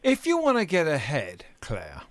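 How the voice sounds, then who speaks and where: A man with an Isle of Wight accent hosts a radio talk show in a chatty, jokey way. His fairly high voice swoops up and down with lots of life. The studio sound is dry and close. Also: huge pitch swings, moderate pace, no echo. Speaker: radio presenter. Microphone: studio microphone.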